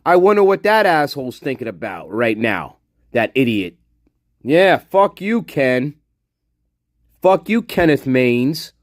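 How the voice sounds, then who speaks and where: A man's voice: medium pitch, very animated, slow pace, dry recording, clean studio sound. A man hosting a casual livestream, swearing and ranting angrily, then muttering to himself as he reads the chat. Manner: profane angry ranting; muttering while reading chat. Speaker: livestream host.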